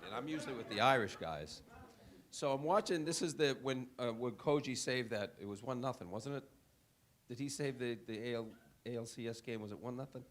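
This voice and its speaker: Man telling a pub story on a panel. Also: medium pitch. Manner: chatty storyteller, amused. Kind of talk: anecdote at a panel discussion. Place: hotel event room.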